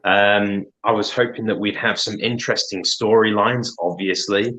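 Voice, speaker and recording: A man's voice: lowish voice, fairly even intonation, normal speed, sharp tone. A man with a British accent, a guest co-host chatting casually and often restarting his sentences. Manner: hesitant, many restarts. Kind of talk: casual chat. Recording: dull lo-fi call audio.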